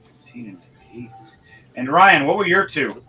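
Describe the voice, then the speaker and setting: A man runs a tabletop game, narrating in a loose, chatty way that often doubles back on itself. His voice sits a little high and sounds bright and forceful. Soft music plays underneath. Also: animated, moderate pace, rough recording. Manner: loose, conversational narration with frequent restarts. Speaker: game master.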